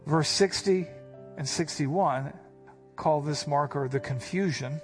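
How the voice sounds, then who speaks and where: A man delivering a sermon in a slightly higher-than-usual voice. He explains scripture verse by verse and leans hard on key words with dramatic inflection. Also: slow, long pauses, soft background music. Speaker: pastor.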